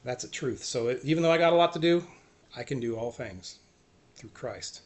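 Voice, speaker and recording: A man giving an earnest, self-encouraging faith talk, repeating short phrases and often trailing off softly. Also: mid-range voice, expressive, moderate pace. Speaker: faith vlogger. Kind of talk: personal faith talk to camera.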